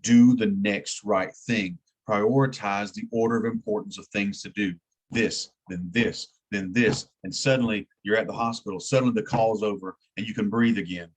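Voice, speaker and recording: A man's voice: on the low side, steady tone, moderate pace. A man teaching an EMT class in a plain-spoken way, repeating key words for emphasis. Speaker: EMT instructor. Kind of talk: classroom lecture.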